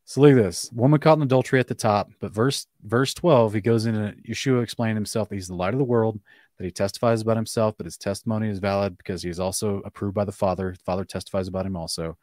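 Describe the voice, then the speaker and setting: A man hosting a casual live-streamed discussion, reading scripture aloud in between quick restarts and short chuckles. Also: on the low side, fairly even intonation, a little mellow, no echo, studio quality. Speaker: host.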